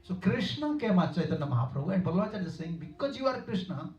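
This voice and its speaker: Recorded from far off by a room mic in a hall, the muffled audio catches a man with a high, very animated, fast and slightly mellow voice. As a spiritual teacher giving a devotional lecture, he tells stories earnestly, repeats himself and chuckles.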